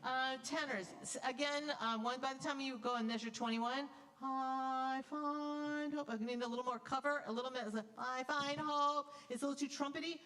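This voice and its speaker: A woman choir director coaching a choir in rehearsal, upbeat and brisk, breaking into sung demonstrations. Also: high voice, fairly even intonation, fairly bright tone, low-quality recording.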